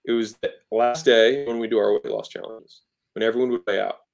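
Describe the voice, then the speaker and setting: A man's voice: lowish voice, little pitch movement, fairly quick, creaky. A man as a guest in a casual interview, teaching sales, emphatic and always checking in with "right?". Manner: acts out tones of voice to make points. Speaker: guest entrepreneur.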